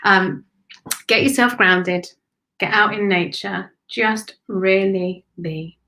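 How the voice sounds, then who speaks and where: A spiritual reader on a live stream gives viewers intuitive card readings in a soothing, slow, unhurried medium-pitched voice. She softly repeats phrases and often drops to near-whispers, and the audio quality is poor.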